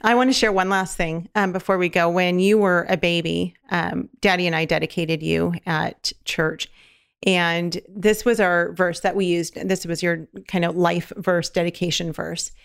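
A woman's voice: fairly low pitch, steady tone, moderate pace, gravelly, smooth. A woman in her thirties hosting a podcast, chatting fondly with her daughter and laughing often. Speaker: podcast host. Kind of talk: casual podcast chat.

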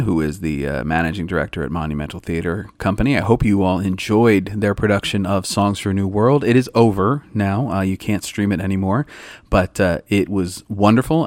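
A man's voice: fairly low pitch, dry recording. Chatty dry-voiced podcast host man. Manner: chatty, emphatic, laughs often. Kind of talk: casual chat.

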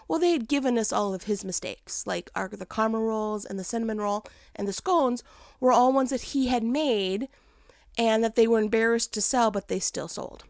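Animated woman telling a story. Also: a little high, no echo, clean studio sound. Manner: animated, laughs often, acts out quotes in varied voices. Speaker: mother telling a personal story. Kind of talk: casual storytelling with a life lesson.

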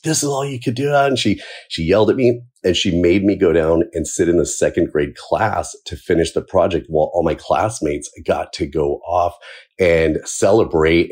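Deep-voiced man with a husky edge, a firefighter recounting his past plainly and with wry chuckles. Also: a little mellow. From Southern California. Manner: casual and candid, chuckles between points. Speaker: firefighter telling his life story. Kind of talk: personal storytelling.

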